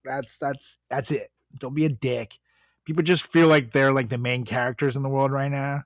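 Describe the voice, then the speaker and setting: A man's voice: mid-range voice, fairly even intonation, normal speed, no echo, clean studio sound. A young man co-hosting a podcast, ranting in casual chat, swearing freely and laughing often. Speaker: podcast co-host.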